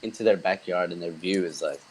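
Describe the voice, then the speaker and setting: A young man with a mild Australian accent, a band member chatting casually on a podcast in a relaxed, rambling way with lots of fillers. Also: low voice, fast talker, husky, low-quality recording.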